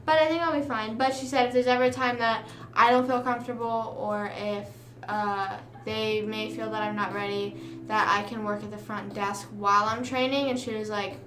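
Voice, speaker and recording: A woman's voice: on the high side, fairly even intonation, normal speed, a bit bright, a little hiss or hum. A young woman streaming live, chatting casually and telling a rambling story with quoted back-and-forth while she games. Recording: roomy room with music playing.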